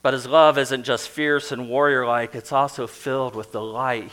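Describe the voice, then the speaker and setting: A middle-aged man preaching a sermon as pastor, earnest, with soft quiet drops and emphatic bursts. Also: medium pitch, fairly even intonation, moderate pace.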